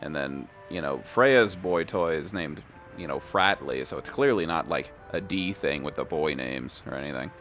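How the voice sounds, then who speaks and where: A man's voice: very deep voice, moderate pace, a bit bright, faint music behind. A man giving casual, joking commentary while he plays a video game, laughing often and reading the game's dialogue aloud. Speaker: gaming streamer. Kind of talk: casual let's-play commentary.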